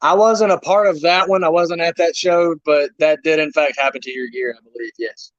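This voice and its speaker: A man being interviewed, telling animated wrestling-road stories in casual chat with playful humor. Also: a little high, a little fast, no echo. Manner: animated storyteller, self-deprecating humor. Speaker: wrestler guest. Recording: dull lo-fi dry sound.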